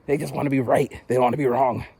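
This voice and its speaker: A man's voice: mid-range voice, fairly even intonation, rapid-fire, creaky, dark tone, breathy edge, no echo. A man in his forties rambling casually to the camera while out on a walk, switching into other people's voices to act them out. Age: 40s. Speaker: vlogger and rapper. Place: outdoors on a walk.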